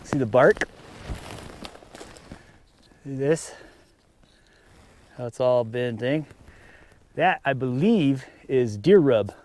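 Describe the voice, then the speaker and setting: A man's voice: mid-range voice, extremely slow, long pauses, slight background noise. Laid-back man vlogging at camp. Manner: relaxed, chatty, talks to his dogs. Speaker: outdoor vlogger. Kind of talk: casual camp vlog talk. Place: mountain campsite outdoors.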